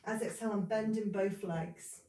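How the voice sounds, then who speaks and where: A woman's voice: medium pitch, normal speed, distant mic. Woman yoga teacher talking through poses, a bit off-mic in an echoey room. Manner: calm step-by-step cueing, breath counts, light humor. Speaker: yoga instructor. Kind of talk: guided yoga instruction.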